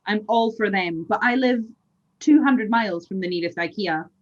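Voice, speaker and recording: A woman with a Scottish accent, a whisky blender chatting as a guest, animated and self-deprecating in her stories. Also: mid-range voice, normal speed, dull audio. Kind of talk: casual video-call chat.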